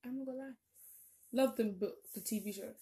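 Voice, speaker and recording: A woman's voice: fairly high pitch, a little fast, warm tone. A young woman, chatting casually and rambling as she corrects herself along the way. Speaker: vlogger. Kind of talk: casual chat.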